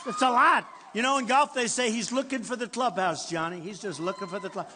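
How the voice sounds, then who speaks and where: A political candidate, an older man with a New York accent, delivers a rambling, boastful rally speech to a large crowd in a hall. His voice is very high-pitched and sharp at a moderate pace, with roomy hall reverb and faint crowd noise.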